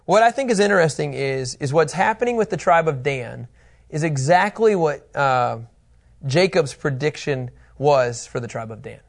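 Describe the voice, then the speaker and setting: A man's voice: on the high side, expressive, normal speed, vocal fry. A man teaching a Bible lesson in a casual, joking way, laughing often.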